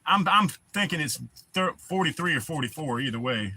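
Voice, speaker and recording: Guy on a livestream, kinda husky, bright-ish higher voice, laid-back rambling, cusses a lot. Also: animated, normal speed. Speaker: livestream host. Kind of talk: casual livestream chat.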